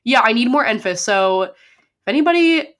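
A woman's voice: fairly high pitch, lively intonation, normal speed, a bit bright. Young female podcast co-host, casual fangirl chat, peppered with "like", slight cold. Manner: gushing, heavy use of "like". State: sick with a sore throat.

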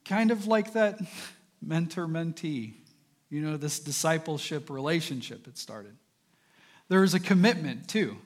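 A young adult man, a church minister, giving a candid, conversational devotional talk about his own experience. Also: high voice. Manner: candid, conversational personal testimony.

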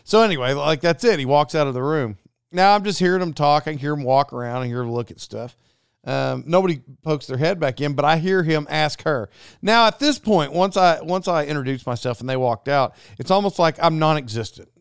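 Male podcast host, slightly high, smooth voice, animated storyteller, dry close mic. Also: brisk, no room sound. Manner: animated, acts out quoted dialogue. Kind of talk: casual storytelling monologue.

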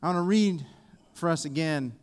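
A pastor preaching and reading a psalm aloud slowly, earnest and deliberate. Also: male voice, on the high side, clean tone. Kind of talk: sermon with slow scripture reading. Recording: reverberant hall.

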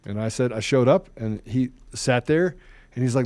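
A middle-aged man co-hosting a talk show, telling a story in quoted dialogue and turning low and soft when serious. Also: normal speed, dry recording. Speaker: show co-host. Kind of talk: conversational storytelling.

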